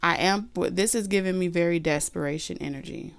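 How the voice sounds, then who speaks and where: A woman's voice: lowish voice, fairly quick, vocal fry, clear, resonant tone. A woman doing a casual tarot reading, chatty and full of fillers, who says she is losing her voice. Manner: chatty, loose and repetitive with many fillers. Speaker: tarot reader.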